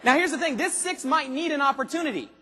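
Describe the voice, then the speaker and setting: A man giving an animated motivational speech to a large convention crowd, asking the audience rhetorical questions and acting out voices. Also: extremely high pitch, quick pace, in a large hall. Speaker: motivational speaker at a sales convention. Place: large arena convention hall.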